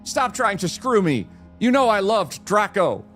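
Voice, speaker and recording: A man voicing a melodramatic goth teenage girl in a shrill, indignant voice during a comedic reading. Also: big pitch swings, measured pace, fairly bright tone, faint music behind. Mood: shrill outrage.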